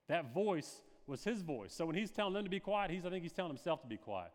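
A man's voice: sits high, big pitch swings, fast, few pauses. Man preaching in a reverberant hall. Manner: preaching with dramatic shifts into quoted voices. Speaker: pastor. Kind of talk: sermon.

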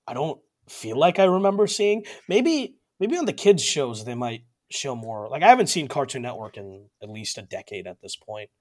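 A young man in casual chat, excitable and quick to swear, often trailing off and restarting. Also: mid-range voice.

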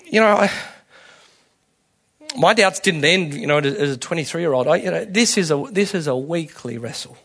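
A man's voice: on the high side, breathy edge. Candid, colloquial male preacher. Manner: candid, colloquial, with frequent restarts and swings in loudness. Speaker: pastor. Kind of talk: conversational sermon.

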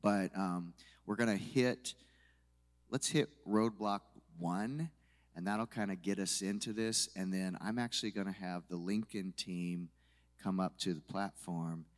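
Man with a deep morning voice, chatty worship teacher, casual church talk. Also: a little slow. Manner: relaxed, chatty, many fillers. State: low morning voice. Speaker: conference speaker, worship leader. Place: church hall.

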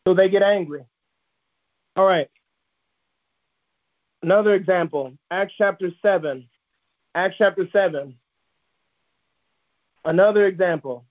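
A man's voice: sits high, measured pace, long pauses, muffled recording. A man preaching a sermon, emphatic and repetitive, driving points home with restated phrases. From United States.

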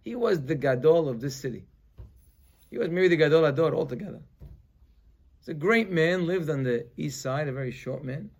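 A rabbi leads his weekly class with a gravelly, slightly high voice. He tells the story in an animated way, rising to loud emphasis and then dropping to quiet asides, and he drops Hebrew terms into his English. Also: moderate pace, long pauses, muffled recording.

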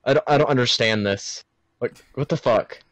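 A man's voice: mid-range voice, normal speed, a bit bright, no echo. A young man in casual, profane chat, reacting to a movie with mocking disbelief. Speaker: friend watching a movie, fan of the show.

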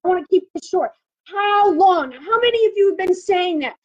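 A woman's voice: extremely high pitch, expressive, fast. A woman preaching a sermon and praying, emphatic and repeating phrases for effect. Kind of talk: sermon with prophetic prayer. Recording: muffled lo-fi audio.

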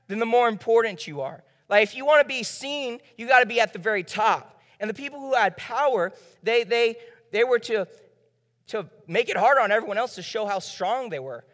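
A young man with a Southern US accent preaching a sermon as pastor, acting out the disciples' lines in quick bits of dialogue. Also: high voice, a bit bright. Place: church hall. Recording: long church hall reverb.

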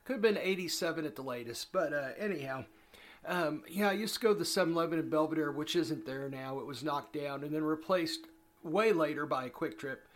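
A man's voice: fairly high pitch, fairly quick, a bit bright. A middle-aged man hosting a comedy show, telling rambling, profane stories and laughing often. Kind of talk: casual comedic storytelling.

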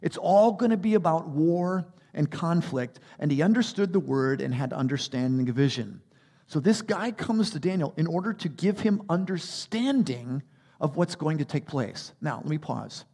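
A man preaching a sermon as a pastor, animated, rising to emphatic peaks and dropping to quiet asides. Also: fairly high pitch, normal speed, husky.

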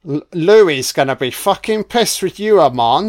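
A British man giving a loud, swearing running commentary on a film, reacting bluntly to each scene as it plays. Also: on the high side, measured pace, hardly any pauses.

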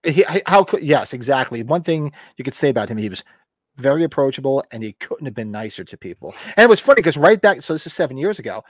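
Fast-talking chatty podcast man. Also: mid-range voice, very animated, no room sound, studio quality. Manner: rambling, chatty anecdotes. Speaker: podcast co-host. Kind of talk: casual chat.

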